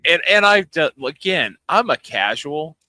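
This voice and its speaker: A man's voice: a little high, very animated, unhurried, pushed and bright, no echo. A man co-hosting a podcast, giving blunt, profane opinions in casual chat. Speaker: podcast co-host.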